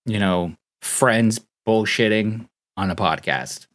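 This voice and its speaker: Brief: deep-voiced male co-host, relaxed and wisecracking. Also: slow pace. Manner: laid-back, joking. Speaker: podcast co-host. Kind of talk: casual podcast chat.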